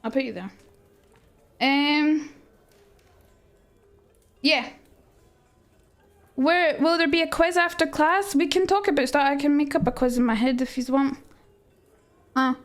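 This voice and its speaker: A young woman with a Scottish accent talks through Shakespeare for her livestream audience in a loose, rambling way. Her voice sits high, and she breaks off often to answer messages from chat. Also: a little slow, pauses often, soft background music. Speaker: streamer teaching Shakespeare to chat. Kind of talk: casual livestream lesson.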